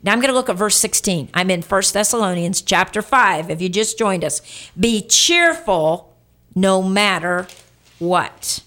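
A woman pastor preaching a sermon in an emphatic, lively way, asking her listeners questions. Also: mid-range voice, unhurried.

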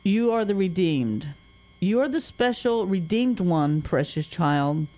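A woman's voice: fairly low pitch, expressive, measured pace, warm tone. A woman reading an inspirational poem aloud on a Christian radio show, in a solemn, tender voice that rises and falls. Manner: solemn, tender reading with rising and falling phrases. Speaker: guest poet.

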